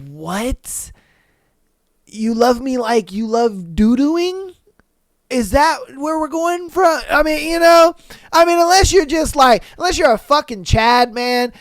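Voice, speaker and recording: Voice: high-pitched, dry recording. A podcast host chatting casually and jokingly on their own, using lots of slang, laughing at their own bits and slipping into exaggerated voices for quotes. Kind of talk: casual solo podcast chat.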